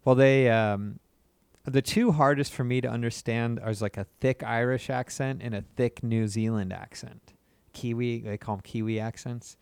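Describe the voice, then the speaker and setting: A man's voice: mid-range voice, steady tone, moderate pace, gravelly, darkish tone, clean tone, no echo. A man hosting a casual podcast interview, teasing his guest with crude jokes. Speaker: podcast host.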